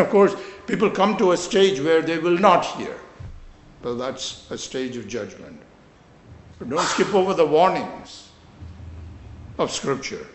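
A man preaching an earnest, urgent sermon, swinging between loud emphasis and quiet drops. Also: fairly high pitch, roomy sound. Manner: earnest, urgent exhortation with scripture quotations.

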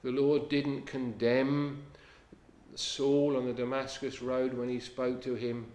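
A man preaching a sermon in an earnest manner. He quotes scripture in old-fashioned English and drops to a hush on key lines. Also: medium pitch, little pitch movement, slow, reverberant.

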